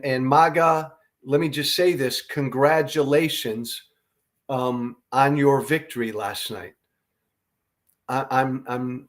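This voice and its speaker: Earnest man speaking slowly and emphatically. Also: medium pitch. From United States. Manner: earnest, emphatic, repeats key phrases. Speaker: political commentator and show host. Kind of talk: direct-to-camera commentary.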